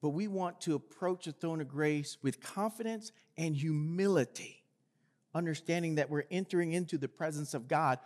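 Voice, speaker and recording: High-voiced male preacher in a reverberant hall. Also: moderate pace, a little mellow. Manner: earnest, reads scripture aloud with rising force. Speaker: pastor. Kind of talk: sermon. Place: church sanctuary. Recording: long reverb of a large hall.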